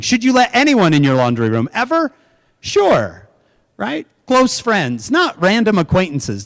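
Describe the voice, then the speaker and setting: A middle-aged man giving a humorous keynote speech to educators, joking and quizzing the audience with quick questions. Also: high voice, poor audio. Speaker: keynote speaker.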